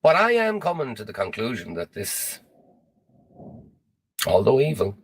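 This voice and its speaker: A man giving a grave, deliberate monologue on conspiracy theories, in a lecturing manner. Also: mid-range voice, wildly swooping pitch, fairly bright tone, husky, no echo.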